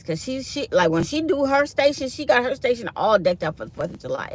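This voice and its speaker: A woman's voice: a little high, sing-song, a little fast, hardly any pauses. A woman chatting casually to her viewers, animatedly retelling her day. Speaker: vlogger.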